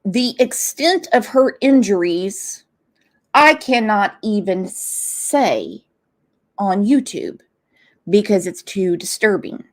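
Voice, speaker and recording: A woman's voice: medium pitch, big pitch swings, takes it slowly. A woman hosting a true crime livestream, angry and blunt, swearing freely as she comments. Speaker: true crime channel host.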